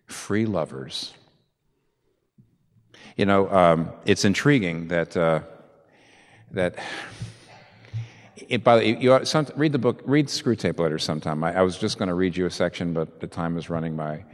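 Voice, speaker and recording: Male pastor, sermon, low voice, soft asides rising to emphatic peaks, echoing church hall. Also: moderate pace. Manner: animated preaching, swinging from soft asides to loud emphatic peaks.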